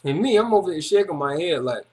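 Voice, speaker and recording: A man's voice: fairly high pitch, lively intonation, fast, darkish tone. A man vlogging a personal story in a casual, rambling monologue, agitated, repetitive and full of slang.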